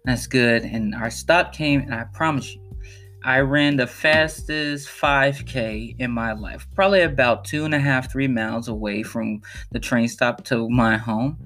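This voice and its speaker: A man's voice: medium pitch, measured pace, a bit bright, faint music behind. A young man from Chicago hosting a podcast, telling a personal story in an earnest, emphatic way and repeating phrases for emphasis. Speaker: podcast host.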